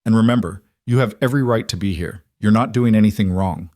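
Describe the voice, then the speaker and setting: A man voicing a calm, steady cowboy. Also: on the low side, fast talker, dry recording, clean studio sound, natural voice. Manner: calm with an edge of authority. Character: calm, watchful cowboy protector.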